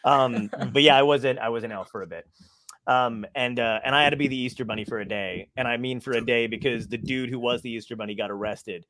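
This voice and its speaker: A man's voice: medium pitch, quick pace, fairly bright tone, no room sound, studio quality. A man hosting a casual comedy podcast, laughing often as he tells rambling, profane stories. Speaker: podcast host.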